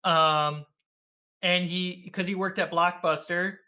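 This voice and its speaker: Bright, lively man telling stories. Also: sits high, takes it slowly. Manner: animated storyteller, acts out quotes, laughs often. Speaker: guest, filmmaker and game master. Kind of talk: casual conversational interview. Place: video call.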